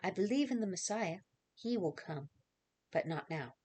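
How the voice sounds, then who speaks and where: A woman reading a gentle, devoted young carpenter. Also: fairly low pitch, expressive, moderate pace, slightly rough. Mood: tender. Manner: gentle, reassuring, earnest. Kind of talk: dramatic reading of a novel.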